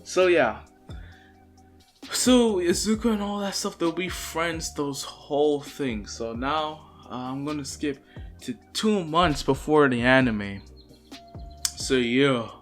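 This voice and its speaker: Young guy rambling through a fan story, kinda giggly, fairly high voice. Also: slow, soft background music. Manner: rambling, giggly, self-conscious. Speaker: video storyteller. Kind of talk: casual fan-story narration.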